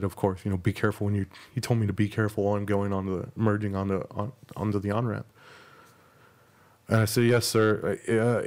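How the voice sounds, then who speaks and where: A man's voice: on the low side, darkish tone. A young man hosting a podcast, telling a rambling, profane story about himself in a casual, self-mocking way. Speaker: podcast host.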